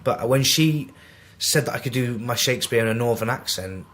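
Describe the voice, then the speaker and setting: Speaking at medium pitch and a moderate pace, a Manchester man in his twenties shares anecdotes as a podcast guest. He is animated, with a Mancunian accent, and voices the dialogue in his casual stories.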